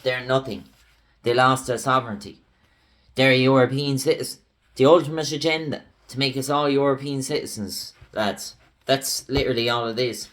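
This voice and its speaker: A man's voice: mid-range voice, normal speed, a bit bright. A young Irish man, hosting his own channel, delivering a heated, ranting political commentary monologue. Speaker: channel host.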